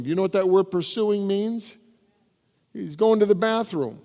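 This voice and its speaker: A man's voice: high-pitched, normal speed, dark tone. A man, the pastor, preaching a sermon and reading scripture aloud with rising emphasis. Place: church sanctuary. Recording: reverberant church hall.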